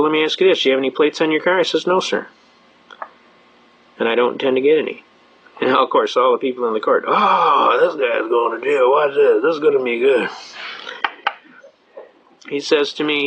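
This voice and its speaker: A middle-aged man telling a story at a fast clip, acting out the voices of police and a judge in a lively storytelling speech. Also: fairly high pitch. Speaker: speaker telling a courtroom story. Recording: dull lo-fi recording.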